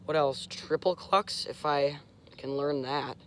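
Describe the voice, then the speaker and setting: A young man casually explaining hunting call technique, halting and searching for words, with short clipped demonstration sounds. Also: a little high, steady tone, a bit bright, a little hiss or hum. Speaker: host. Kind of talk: casual instructional talk.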